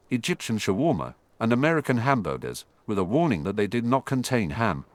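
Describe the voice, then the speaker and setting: A man reads a fantasy fan fiction audiobook in a steady storytelling manner. His voice is low yet lively in pitch. The recording is dry and close. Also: dry recording. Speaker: narrator.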